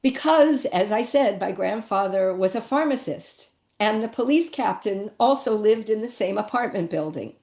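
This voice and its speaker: A woman's voice: mid-range voice, lively intonation, normal speed, darkish tone. A middle-aged woman giving a personal family-history talk over a video call, conversational and emotional, with many ums and restarts. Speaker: presenter.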